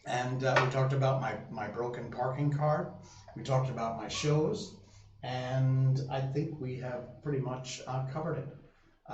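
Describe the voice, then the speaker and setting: A man's voice: medium pitch, a little mellow. Guy rambling to his stream chat, lots of ums, sounds kinda far off in a roomy space. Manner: rambling, lots of fillers and restarts. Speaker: live stream host. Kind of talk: casual chat with viewers. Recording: roomy sound, voice from a distance, faint hum.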